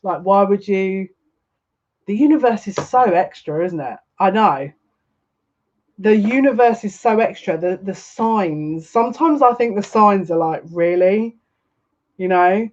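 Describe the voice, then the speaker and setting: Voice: mid-range voice, animated, unhurried, highs cut off. A psychic tarot reader giving a live reading, chatty and rambling, who laughs often and repeats phrases.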